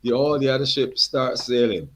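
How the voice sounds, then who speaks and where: A man's voice: mid-range voice, normal speed, slight background noise. An older man from Barbados, telling stories as an interview guest in a casual, colloquial way. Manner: animated, colloquial, leans on "man" and "you know". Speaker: guest, calypsonian. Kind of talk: storytelling in a sit-down interview. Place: living-room studio set.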